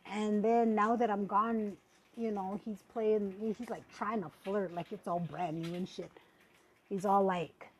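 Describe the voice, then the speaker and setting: A woman's voice: medium pitch, darkish tone, slightly rough. A woman hosting a podcast, ranting angrily and profanely in a confrontational personal monologue. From Native American. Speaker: podcast host.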